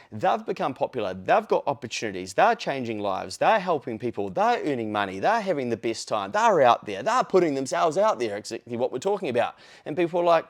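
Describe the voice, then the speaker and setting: A man hosting a podcast, ranting in a casual, blunt, profane way. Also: a little high. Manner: blunt and profane, with animated quoted voices. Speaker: podcast host. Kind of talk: casual opinion rant.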